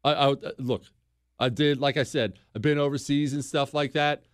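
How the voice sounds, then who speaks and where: This radio talk show host is a middle-aged man from the United States, bantering with a tongue-in-cheek boastfulness as he handles questions from listeners. The call-in advice chat is relaxed, his mid-range voice keeps a fairly even intonation at a moderate pace, and the studio-quality recording is dry.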